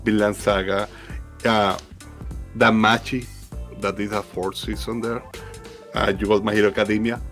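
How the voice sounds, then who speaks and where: A man co-hosting a podcast, excitedly rattling off long lists. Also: fairly low pitch, moderate pace, pauses often, soft background music. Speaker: podcast co-host. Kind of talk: casual podcast chat.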